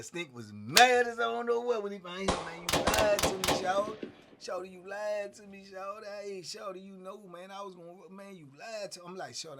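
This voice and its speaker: A middle-aged man, telling prison stories in a casual, animated way and acting out what others said. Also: fairly high pitch. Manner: animated, acts out quotes, frequent "man". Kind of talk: casual storytelling.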